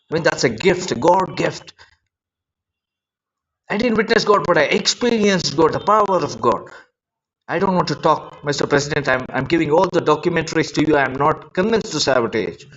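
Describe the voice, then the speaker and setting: A man's voice: fairly high pitch, dull audio. Agitated man rambling on a live stream. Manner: rambling, repetitive, agitated and emotional. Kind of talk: unscripted live-stream monologue. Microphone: phone.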